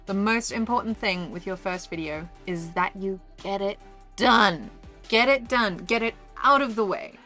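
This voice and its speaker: A woman's voice: medium pitch, fairly bright tone. A woman with a South African accent, coaching viewers on camera in an upbeat, encouraging, playful way. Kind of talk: casual direct-to-camera advice.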